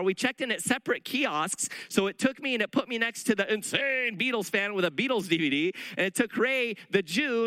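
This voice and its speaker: A middle-aged male preacher telling stories in a sermon, animated and acting out the dialogue. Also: high voice, no room sound, rough recording. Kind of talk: sermon storytelling.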